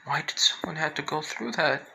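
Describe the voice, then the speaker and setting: Emotional teen girl read by a man, halting and gravelly, flat and slow. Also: medium pitch, slight background noise, heavily acted, rough recording. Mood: worried. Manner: halting, with frequent restarts. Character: emotional teenage girl, tender and easily shocked.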